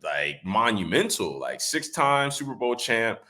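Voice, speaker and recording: A man's voice: medium pitch, a little slow. A young man in his twenties, a former football player, casually telling stories on a podcast, rambling with many fillers. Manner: relaxed, rambling with many "like" fillers, acts out quotes. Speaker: guest, former running back.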